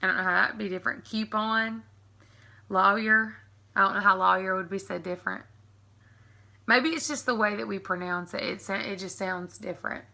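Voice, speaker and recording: A Southern US woman reads out a word list in a chatty vlog, breaking off to explain how she says things. Her voice is bright and cutting, with plenty of gravelly fry at the ends of phrases. She sounds relaxed and conversational. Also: mid-range voice, quick pace. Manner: chatty, reads words aloud and stops to explain. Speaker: vlogger. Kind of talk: casual word-list reading and chat.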